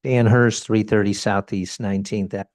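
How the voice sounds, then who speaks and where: A man's voice: lowish voice, little pitch movement, normal speed, a little mellow, no room sound. A man speaking as a resident during public comment at a city meeting, pointed and dryly sarcastic.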